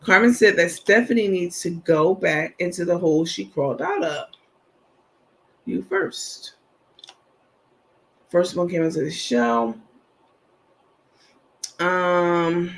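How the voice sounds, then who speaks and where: A man's voice: high voice, creaky, a bit bright. A man hosting a casual livestream, chatting loosely and reading viewer comments aloud with plenty of fillers. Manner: chatty, rambling, many fillers. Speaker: livestream host.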